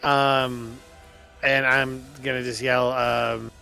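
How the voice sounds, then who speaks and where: A man with a bright, tense edge to his mid-range voice talks through his move at a tabletop game. He hesitates, restarts and fills pauses with ums as he thinks aloud. Faint music sits behind him. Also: medium pitch. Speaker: player. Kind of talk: casual tabletop game play.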